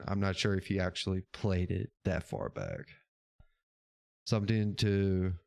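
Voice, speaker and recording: A man's voice: low voice, clear, resonant tone, no room sound. A man hosting a casual livestream show, chatting with his chat in a laid-back, rambling way, swearing now and then and laughing often. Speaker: podcast host reading live chat.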